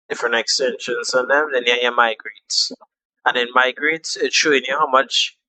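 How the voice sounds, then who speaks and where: A young man talks slowly through an app tutorial in a bright, forward voice. He is relaxed and chatty, often repeats a step or trails off with an "uh". The recording is dry and close, with almost no room sound. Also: medium pitch, no room sound, rough recording. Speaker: tutorial host.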